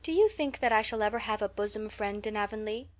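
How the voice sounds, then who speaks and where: A woman's voice: medium pitch, fast talker, lightly acted. A woman reading an audiobook, voicing a talkative, dreamy eleven-year-old orphan girl who gushes in a breathless, romantic way. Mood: eager.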